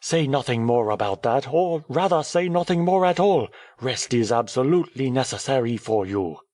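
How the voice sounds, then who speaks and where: A man reading an audiobook, voicing a cheerful, talkative male French journalist who speaks in a brisk, airy, teasing way. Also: mid-range voice, lively intonation, darkish tone, no room sound, clean studio sound, pitched above the performer's own voice, lightly acted. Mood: breezy.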